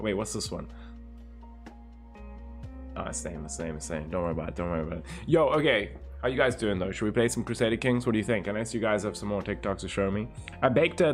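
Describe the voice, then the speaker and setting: A man with a fairly low voice chats casually on a livestream, greeting viewers by name and reading their messages aloud. His delivery is relaxed and easygoing. Faint music plays in the background. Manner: laid-back, greets viewers by name and reads chat aloud. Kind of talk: casual stream chat.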